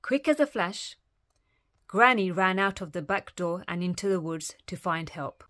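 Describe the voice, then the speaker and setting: A woman storyteller reading children's fairytales aloud in a lively, expressive way. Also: fairly low pitch, unhurried.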